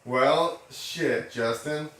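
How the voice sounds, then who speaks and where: A man's voice: mid-range voice, drawn-out words, fairly bright tone. A man from New Jersey hosting a podcast, chatting in an easygoing way and swearing casually. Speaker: podcast host. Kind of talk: casual interview chat. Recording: far from mic in a very echoey room.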